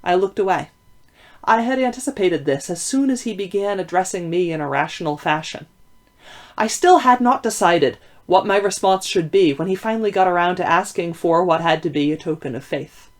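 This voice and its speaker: A woman narrating a novel aloud in a steady, clear storytelling manner. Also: lowish voice, moderate pace. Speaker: reader. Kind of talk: audiobook narration.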